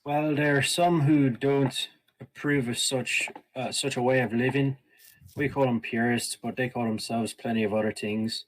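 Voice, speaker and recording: A man playing a streetwise character in a tabletop game, speaking in a measured, stern way. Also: mid-range voice, steady tone, a little hiss or hum, natural voice, poor audio.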